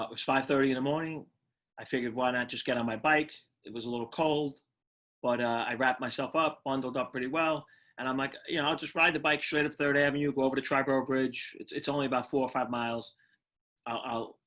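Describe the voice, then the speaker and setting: A man's voice: mid-range voice, fairly bright tone. Earnest middle-aged New man. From Brooklyn, New York. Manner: earnest, reflective, halting with restarts. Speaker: guest, retired firefighter. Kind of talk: personal storytelling in interview.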